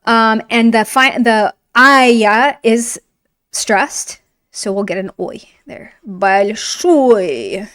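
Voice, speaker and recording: Woman, language teacher, lively and chatty, playful asides, slightly high voice. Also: very slow. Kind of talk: online grammar lesson.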